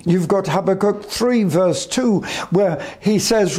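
A male evangelist preaching a sermon, slow and deliberate, with emphatic pauses between phrases. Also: high voice, darkish tone.

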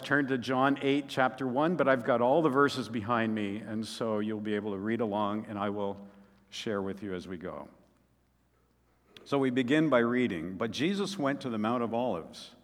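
A man preaching a sermon in a mid-pitched voice, his words trailing off into a long hall reverb. He tells the scripture story dramatically, rising to loud emphasis and then falling to soft, quiet asides. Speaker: pastor.

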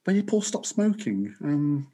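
A man's voice: fairly high pitch, sing-song, a little slow, mellow. A man hosting a podcast, chatting casually, joking and teasing, with frequent laughter. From Birmingham, England. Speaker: podcast host.

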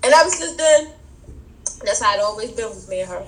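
High-voiced woman telling stories. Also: a little fast, roomy sound, soft background music, poor audio. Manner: animated storyteller, acts out friends' voices. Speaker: podcast guest. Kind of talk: casual chat.

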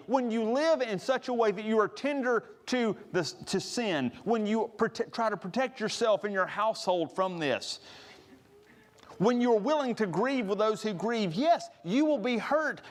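A man preaching a sermon, earnest, rising to stress each scripture he quotes. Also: very high voice. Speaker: pastor.

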